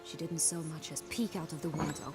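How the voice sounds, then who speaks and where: An actress playing a scheming, exiled princess in a video game, sardonic and teasing. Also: female voice, deep voice, fairly even intonation, brisk, big-room sound, natural voice. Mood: mocking. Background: game music.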